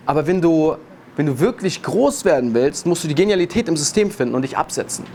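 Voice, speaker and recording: Punchy man on stage, slightly raised pitch. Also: lively intonation, quick pace, dark tone, slight background noise. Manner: emphatic, punchy stresses, restarts mid-phrase. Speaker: business speaker. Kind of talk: energetic marketing talk.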